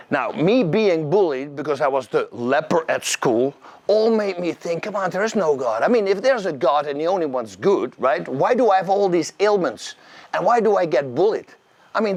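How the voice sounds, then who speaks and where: A man with a fairly high voice tells his own story in an emphatic, conversational way. The sound is dry and close, with no room behind it. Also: no room sound. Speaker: video creator. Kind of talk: personal faith testimony.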